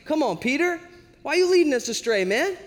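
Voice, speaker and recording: A preacher voicing frantic young male disciples, whiny and yelling in exasperation. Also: very high voice, sing-song, brisk, long reverb tail, voice pushed up. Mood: exasperated.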